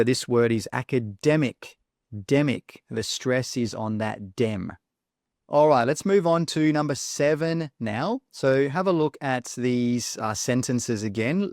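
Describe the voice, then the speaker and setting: A man teaching English pronunciation in an online lesson, speaking deliberately and repeating each example word. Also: medium pitch, no echo, studio quality. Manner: slow, deliberate, repeats words for the learner.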